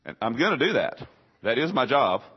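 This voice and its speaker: Male pastor, mid-pitched, conversational sermon delivery, lo-fi recording. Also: sing-song, brisk, slightly rough. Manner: conversational preaching, rhetorical questions, voices listeners' objections.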